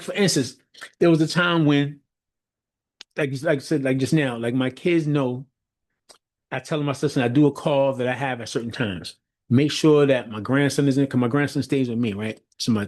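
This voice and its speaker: A middle-aged man giving a motivational leadership talk, repeating phrases with a preacher-like emphatic cadence and frequent restarts, as if on a video call. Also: mid-range voice. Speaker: leadership coach.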